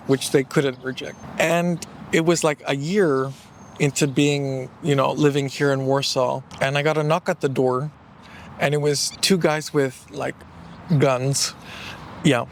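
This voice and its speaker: A man's voice: on the high side, a little hiss or hum. Reflective man outdoors in a city. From United States. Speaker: interviewee. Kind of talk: casual personal storytelling.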